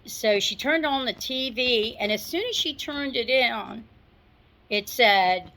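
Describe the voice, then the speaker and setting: A middle-aged woman recounting a personal memory to an audience in an unhurried, conversational way, with asides and small laughs. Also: fairly high pitch, fairly bright tone, low-quality recording. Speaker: storyteller. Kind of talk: personal recollection, told to an audience.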